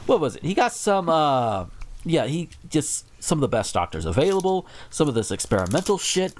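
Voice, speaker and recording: A man's voice: a little high, a little hiss or hum. A man from the United States hosting a podcast and ranting profanely in casual chat. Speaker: podcast host.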